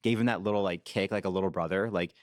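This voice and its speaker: Low-voiced man co-hosting a TV podcast. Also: quick pace, no room sound, clean studio sound. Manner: animated, explains medical terms with clinical experience. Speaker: podcast co-host. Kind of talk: casual discussion of a TV episode.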